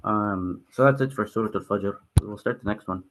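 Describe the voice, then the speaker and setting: A young man teaching a Quran translation class, halting and restarting often and apologizing for stuttering. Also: fairly low pitch, a little hiss or hum. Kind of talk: online Quran translation lesson.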